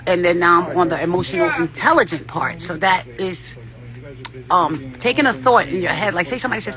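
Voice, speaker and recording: A woman's voice: medium pitch, fast talker, crowd noise. A woman vlogger giving rambling, profane spiritual advice in a casual talk, often laughing.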